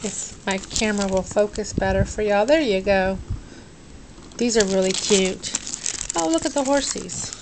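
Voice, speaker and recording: A woman's voice: mid-range voice, unhurried, noisy background. A middle-aged woman, chatting casually as she unboxes a craft package at home, sounding tired and tongue-tied. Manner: drowsy, sluggish and tongue-tied. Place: dim room at home.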